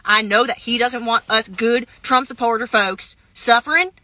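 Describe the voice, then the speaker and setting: A woman's voice: a little high, moderate pace, pushed and bright, no echo. A woman playing a naive, entitled female farmer voter in a mock-earnest satirical monologue. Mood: whiny. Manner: mock-earnest, whiny complaining.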